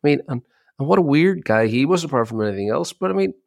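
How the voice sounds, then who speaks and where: A middle-aged man, co-hosting a chat podcast as an animated storyteller who often repeats his opening words. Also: on the high side, quick pace, creaky, no echo. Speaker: podcast co-host. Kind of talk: casual chat.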